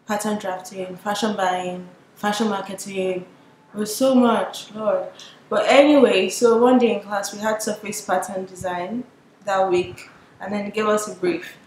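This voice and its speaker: Lively young woman, roomy sound. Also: medium pitch, slight background noise. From Nigeria. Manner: lively storyteller who acts out what people said. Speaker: business owner and surface pattern designer. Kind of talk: storytelling to camera.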